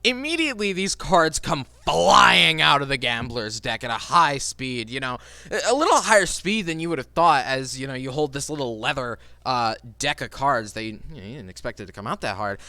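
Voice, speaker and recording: A man narrating as game master of a tabletop game, halting with many fillers. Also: medium pitch, animated, pushed and bright, no echo.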